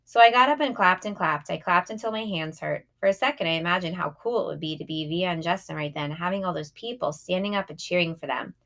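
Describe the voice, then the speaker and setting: A woman's voice: lowish voice, fast talker, hardly any pauses, fairly bright tone. A woman reading a first-person children's novel aloud in a plain, youthful narrating tone. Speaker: audiobook reader.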